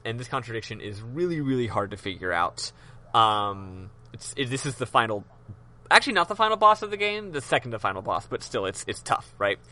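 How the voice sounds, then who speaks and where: A podcast host, a man with a bright, forceful voice and a middling pitch. He recaps a game's plot in casual chat, swearing freely and padding with ums. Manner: loose, profane storytelling with many ums.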